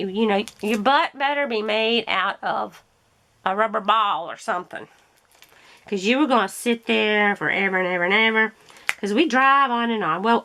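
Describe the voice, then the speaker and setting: A woman's voice: mid-range voice, fairly bright tone. A middle-aged woman chatting casually to viewers as she crafts, telling stories and laughing often. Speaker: craft vlogger. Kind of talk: casual chat while crafting.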